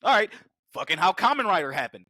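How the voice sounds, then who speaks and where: A man's voice: sits high, fast, no echo. A man co-hosting a podcast in casual chat, swearing freely and acting out the lines he quotes. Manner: excitable, swears a lot, acts out quoted lines. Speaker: podcast co-host.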